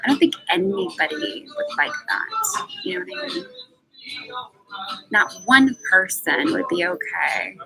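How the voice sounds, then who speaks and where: A woman's voice: wildly swooping pitch, unhurried, creaky, long pauses, low-quality recording. Woman venting over background music. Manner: emphatic, profane venting with sudden pitch jumps. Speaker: livestream host. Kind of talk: unscripted emotional monologue. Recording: music playing behind the voice.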